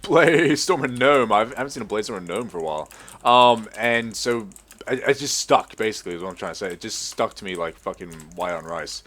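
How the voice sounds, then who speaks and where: A young Australian man with a mostly American-sounding accent, chatting casually and sweary over gameplay, now and then shouting excitedly at the game. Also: on the low side, fast talker. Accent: American-sounding with bits of Australian. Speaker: gaming video host.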